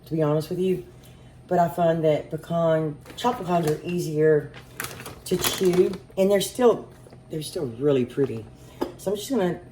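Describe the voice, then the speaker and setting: A woman's voice: lowish voice, noisy background. A woman with a Southern US accent hosts a home cooking video, chatting and thinking aloud as she cooks in her kitchen. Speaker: home cooking channel host. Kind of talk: cook-along narration. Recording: echoey kitchen with clear clatter.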